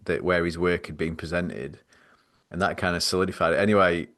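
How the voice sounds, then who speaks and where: A man's voice: sits low, fairly even intonation, brisk, a bit bright. A man hosting a podcast, telling stories in a rambling, self-deprecating way and laughing easily. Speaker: podcast host. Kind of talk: casual storytelling chat.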